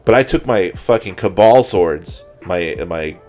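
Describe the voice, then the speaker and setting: A man's voice: low-pitched, lively intonation, unhurried, darkish tone, soft background music. A young man co-hosting a podcast, telling a long rambling story full of swearing and acted-out quotes. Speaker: podcast co-host. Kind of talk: casual storytelling.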